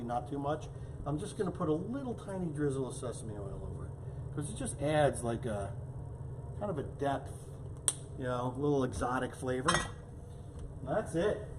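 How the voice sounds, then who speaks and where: A man with a slightly high voice hosts a relaxed home cooking show, chatting away as he plates and tastes. His voice rings around an echoey kitchen with a faint hiss underneath. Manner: chatty, talks while tasting and plating. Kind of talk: casual cooking demonstration.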